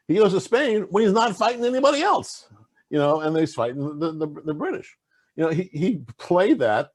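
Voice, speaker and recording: A man with a husky, slightly rough voice talks in a casual interview, his pitch swinging widely as he gets into his stories. He rambles, stacks fillers and restarts, and keeps circling back to his point. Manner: animated, rambling storyteller with many fillers and restarts. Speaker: interview guest, game designer.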